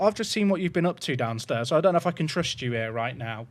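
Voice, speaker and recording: Live-streaming in a loose, chatty way, this man rambles, interrupts himself mid-word, and pauses to coo lovingly at his puppy. He talks quickly with hardly any pauses, his voice a little high and his intonation lively.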